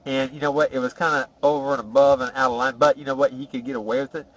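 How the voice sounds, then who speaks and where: A man's voice: medium pitch, flat delivery, fast, dull audio, close to an everyday voice. A podcast host voicing a boastful, profane male ex-convict who rambles through tough prison stories in a comic character monologue. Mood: swaggering. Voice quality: rough, profane, rambling storyteller.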